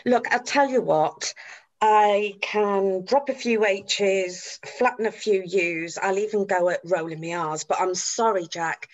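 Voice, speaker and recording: An actress playing a funeral celebrant who is polite, patient and well-spoken. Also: female voice, lowish voice, dull audio. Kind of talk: comedy series acting on a video call.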